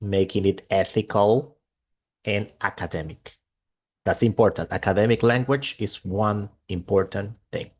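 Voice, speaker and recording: A male English teacher, a native Spanish speaker, giving an online class in an enthusiastic, expressive way. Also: lowish voice, a little slow, husky, muffled recording.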